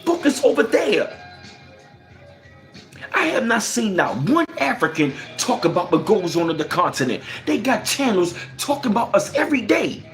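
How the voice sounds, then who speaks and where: Man, livestream host: heated, swearing commentary with a lively, swinging pitch. Reads chat aloud. Faint music underneath. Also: normal speed. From United States. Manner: profane and emphatic, firing off rhetorical questions.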